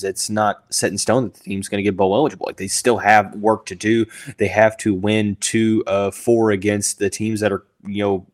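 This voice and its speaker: A man hosting a sports podcast, thinking out loud with lots of fillers and restarts, who has the hiccups. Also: fairly low pitch. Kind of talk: casual sports analysis podcast.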